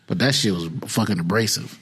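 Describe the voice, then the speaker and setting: A young man with a low, husky voice co-hosts a casual podcast. He tells stories in an animated, profane way, full of loose slang. He sounds relaxed among friends. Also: fairly quick. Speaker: podcast co-host.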